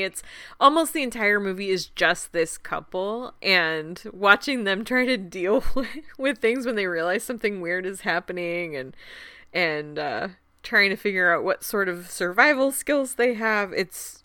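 A woman in casual conversation tells a story with lots of laughter and quoted voices. Her voice is fairly high and swings widely in pitch, with a bright, crisp edge. The sound is dry and close. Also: unhurried, no room sound. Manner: laughs often, animated storytelling with acted quotes. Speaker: film festival guest. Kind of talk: casual chat.

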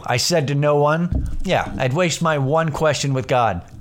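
A man's voice: fairly high pitch, unhurried. Rambling, profane middle-aged man. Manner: rambling, profane storytelling with many restarts. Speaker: podcast host; stand-up comedian. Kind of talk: casual solo podcast monologue.

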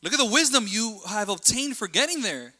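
Male preacher, conversational sermon, slightly high voice, reverberant hall. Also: fairly quick. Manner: animated, conversational, jumps between stories.

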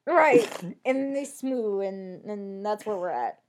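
A woman co-hosting a podcast, recapping a TV episode in casual chat, animated and swearing casually as she acts out lines. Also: medium pitch, takes it slowly. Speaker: podcast co-host.

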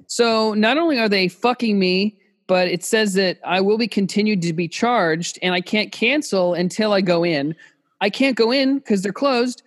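High-voiced man ranting with mock fury. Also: normal speed, big-room sound. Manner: exaggerated angry ranting. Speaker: podcast co-host. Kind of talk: comedic podcast banter. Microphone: remote video call.

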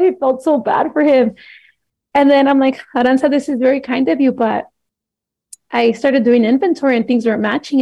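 A woman's voice: sits high, lo-fi sound. A woman in her thirties, a podcast guest, telling a story in casual chat and acting out what people said. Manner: animated storyteller acting out quotes, frequent laughs.

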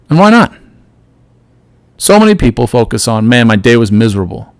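A middle-aged man hosting a solo podcast, giving an earnest motivational talk that swings between loud and soft. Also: mid-range voice, very animated, brisk, pauses often, no room sound, clean studio sound. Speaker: podcast host.

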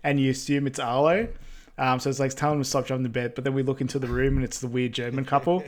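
A man with a mid-range voice talks through a film recap in a relaxed, chatty way. He often pauses on "um" and nods along with "mm-hmm" while his co-host talks. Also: mid-range voice. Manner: relaxed, many ums and backchannel mm-hmms. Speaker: podcast co-host. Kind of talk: casual film recap chat.

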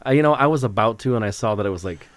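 Man, casual podcast chat, easygoing, somewhat low voice, dry close sound. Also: expressive, racing, no room sound.

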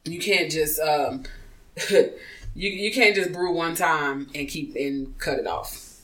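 A podcast speaker in casual chat, telling stories in an animated way, joking and laughing between points. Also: medium pitch, slow pace, low-quality recording. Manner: animated, joking storyteller who laughs while talking. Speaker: podcast participant.

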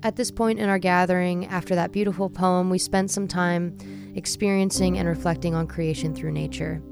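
Low gravelly woman podcast narrator, music clearly under her voice. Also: steady tone, moderate pace, a little mellow. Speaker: podcast host.

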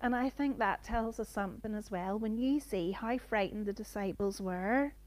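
A woman's voice: medium pitch, moderate pace, a little mellow. A woman giving an informal sermon, reading scripture and then explaining it in an earnest, conversational way full of "you know". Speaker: preacher.

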